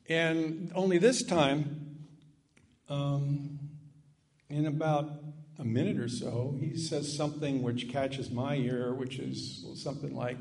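A man's voice: mid-range voice, takes it slowly. Older man telling a tale on stage. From Annapolis area. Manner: animated, chatty, with asides and self-deprecating jokes. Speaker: storyteller. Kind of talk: live storytelling to an audience. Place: stage before a live audience. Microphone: stage microphone.

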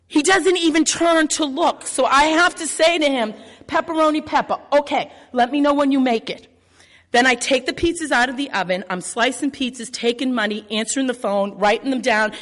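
High-voiced brash woman storyteller. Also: fairly quick, few pauses, a bit bright. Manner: brash, swears freely, acts out scenes. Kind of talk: live personal storytelling. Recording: long hall reverb.

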